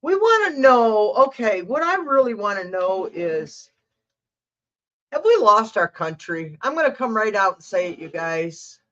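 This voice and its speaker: A woman's voice: mid-range voice, sing-song, unhurried, a bit bright, highs cut off. A woman doing a live-stream tarot reading, repeating her questions insistently and chatting asides to her cat. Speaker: tarot reader.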